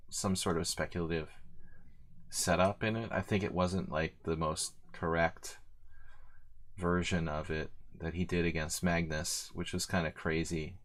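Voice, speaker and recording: A man's voice: low voice, steady tone, a little slow, fairly bright tone. A man streaming his own blitz chess games, thinking aloud in loose, rambling commentary full of "like". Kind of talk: live commentary while playing blitz chess.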